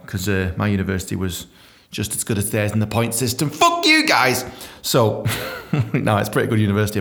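A man telling a comic story from his own book, swearing a lot, laughing often and jumping into a squeaky high voice to act out his younger self. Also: vocal fry. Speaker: comedian reading his memoir. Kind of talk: casual storytelling with read-out chapter.

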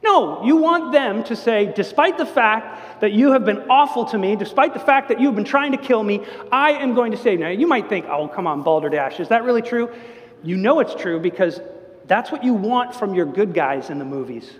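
Animated high-voiced man preaching. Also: normal speed. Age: older. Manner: animated storytelling, acts out quotes. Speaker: pastor. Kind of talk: sermon. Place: church sanctuary. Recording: long church reverb.

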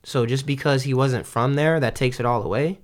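A man in easy podcast banter, his voice sitting at an ordinary middle pitch. He talks loosely and swears freely, with slangy phrasing and plenty of restarts. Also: steady tone, moderate pace. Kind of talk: casual chat.

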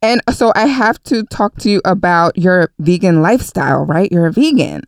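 A woman in her thirties hosts a podcast with frank, upbeat chat. Her voice is smooth and clear, sitting a little low. The sound is close and dry. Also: expressive, moderate pace, no echo. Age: 30s. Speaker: podcast host. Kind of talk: casual interview chat.

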